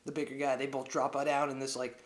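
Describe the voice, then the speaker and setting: A young male movie reviewer loosely recaps a film's plot in a casual, rambling way, packed with filler words. His medium-pitched voice barely moves in pitch and runs at a quick pace, and the room he's in is echoey.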